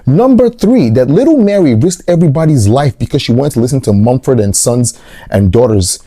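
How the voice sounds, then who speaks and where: A man giving a comedic movie review, animated and rambling, with big jumps in pitch on his jokes. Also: fairly quick, dry recording, studio quality. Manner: rambling with restarts and asides.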